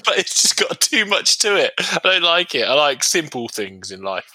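A man co-hosting a casual football podcast, jokey and quick to laugh. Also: a little high, very animated, sharp tone. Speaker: podcast co-host.

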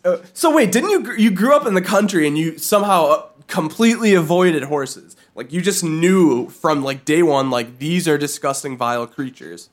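A man in casual comedic chat, profane and animated, often dropping into silly put-on voices. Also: high voice, normal speed, few pauses.

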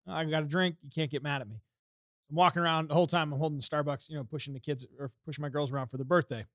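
A man's voice: a little high, steady tone, racing, fairly bright tone, no room sound, studio quality. A man from the United States telling a story on a podcast in a profane, heated way. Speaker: podcast co-host.

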